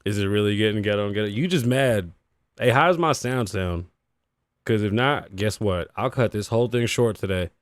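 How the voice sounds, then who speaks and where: A man's voice: lowish voice, moderate pace, no echo, studio quality. A man hosting his own livestream podcast, talking loosely to chat and to himself, swearing often, his voice worn and shot. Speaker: podcast host. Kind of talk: casual livestream talk.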